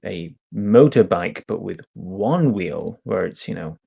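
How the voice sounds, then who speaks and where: A man co-hosting a podcast, joking and explaining things slowly with fillers. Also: low voice, lively intonation, vocal fry, dark tone, slightly rough. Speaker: podcast co-host. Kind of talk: casual podcast chat.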